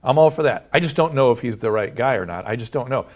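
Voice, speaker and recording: Male interview guest, mid-pitched, hesitant and emotional, stammers through his answers. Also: animated, fast, a little mellow. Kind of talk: talk show interview.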